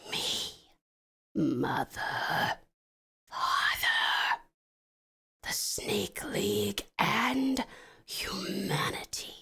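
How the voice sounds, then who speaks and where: A woman's voice: mid-range voice, sing-song, bright, forceful tone, exaggerated voice. Woman whispering as a cold accusing ghost, whispered role-play. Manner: whispered, breathy, slow.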